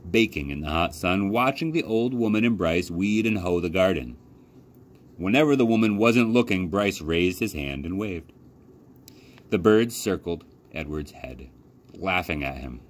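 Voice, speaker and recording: A man from a library youth program reading a children's novel aloud as expressive storytelling. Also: measured pace. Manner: expressive storytelling with lively pitch. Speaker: library youth services coordinator. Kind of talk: children's book read-aloud.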